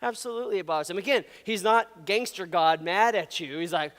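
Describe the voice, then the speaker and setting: A man in his thirties gives a youth sermon, his voice pitched high and lively. He talks casually and cracks jokes between points. A long reverb trails each phrase through the church hall. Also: a little fast. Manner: animated, conversational, jokey. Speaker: youth pastor.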